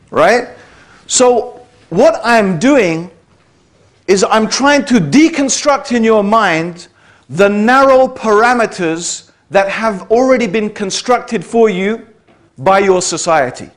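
A British man giving a conversational public lecture to an audience, often checking in with the listeners. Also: sits high. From Britain. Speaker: speaker giving a talk to an audience.

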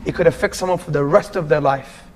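An earnest man from England shares his life story in a relaxed sit-down conversation. His voice sits a little high for a man and he talks with lively, heartfelt energy, slipping into casual "bro"s as he goes. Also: fast talker. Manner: animated, earnest, calls the listener "bro".

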